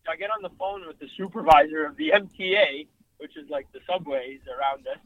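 A young man telling a story in a casual interview, animated and full of fillers, calling in over a breaking-up phone line. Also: on the high side, fairly quick, no room sound. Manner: animated, filler-heavy, swearing. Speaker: car photographer guest. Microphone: phone call, breaking up. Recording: dry thin phone line.

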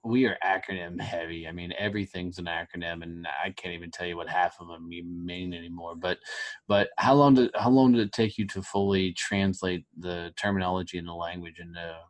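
Blunt, profane podcast host, a man. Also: sits low. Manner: blunt, profane, animated storytelling. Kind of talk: casual conversational interview.

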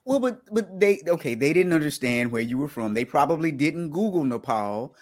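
A man from the American South with a Southern accent, hosting a podcast in a playful, teasing way with quick restarts. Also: on the high side, expressive. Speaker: podcast host. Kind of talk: casual interview chat.

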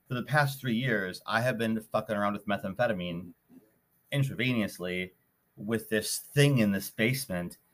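Podcast host, young man from Minnesota, lower voice, loose rambling storyteller heavy on fillers. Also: normal speed. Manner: rambling, animated retelling with many fillers. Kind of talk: casual storytelling.

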